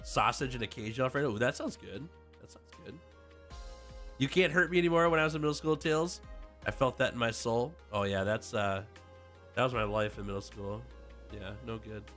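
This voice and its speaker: In a mid-range, fairly bright voice that moves a little fast, a man chats with his stream audience as game music plays. He's relaxed and playful, laughing often and reading viewers' messages aloud.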